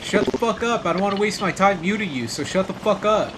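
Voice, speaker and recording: A man's voice: high voice, fairly quick, very noisy. A man streaming a mobile battle game, arguing over voice chat in a confrontational, heavily profane way. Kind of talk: heated voice chat during gameplay.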